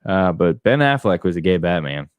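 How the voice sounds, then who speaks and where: A man's voice: deep voice, big pitch swings, normal speed, smooth, no echo. Blunt, crude-joking podcast host man. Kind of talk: casual chat.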